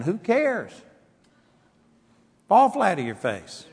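Fiery high-voiced male preacher, echoing hall. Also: huge pitch swings, slow, creaky, pauses often, slightly rough. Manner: impassioned, building to shouts, mocking whiny voices. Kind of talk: sermon. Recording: long hall reverb.

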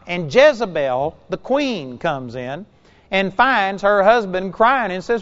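A man preaching a sermon, reading scripture aloud and retelling it in a relaxed, conversational storytelling way with small asides. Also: high voice, slow, big-room sound, muffled recording.

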